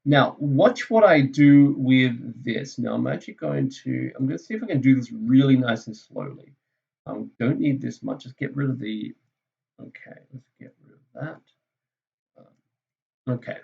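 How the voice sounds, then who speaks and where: A man's voice: mid-range voice, moderate pace, gravelly, long pauses, dark tone, highs cut off. A man teaching a maths lesson over a screen recording, thinking aloud in a casual way and correcting himself as he goes.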